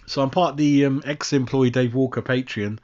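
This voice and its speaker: A man chats loosely through a fan live stream, drifting between thoughts and calling everyone mate. His voice sits at a middling pitch. The audio is a little dull and lo-fi. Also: fairly even intonation, brisk, a little mellow. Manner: chatty, rambling, says mate constantly. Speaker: fan channel host. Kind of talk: casual live-stream chat.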